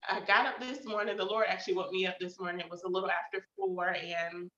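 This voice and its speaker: A fast-talking woman with a fairly low, sharp voice and fairly even intonation hosts her own show. She reflects casually on how she's feeling in a personal check-in, using many fillers, in a recording with roomy, slightly dull sound.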